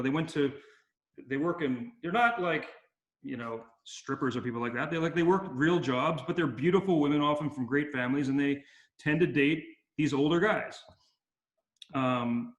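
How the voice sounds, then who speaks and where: A man's voice: on the high side, fairly bright tone, reverberant. A man being interviewed, casually telling long anecdotes with many fillers and restarts. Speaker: interview guest. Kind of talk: casual storytelling.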